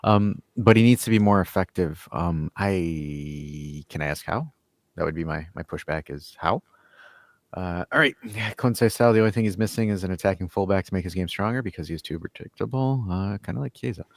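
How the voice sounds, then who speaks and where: A man's voice: deep voice, lively intonation, a little fast, dry recording. A man hosting a casual call-in sports podcast, reading viewer comments and arguing his point with lots of stammered restarts. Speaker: host.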